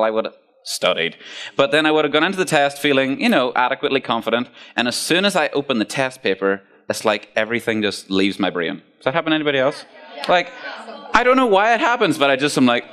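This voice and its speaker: A man giving a casual, joking talk to a youth group, with asides to the audience. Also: medium pitch. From Ireland. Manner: playful, jokey, lively storytelling with asides to the audience.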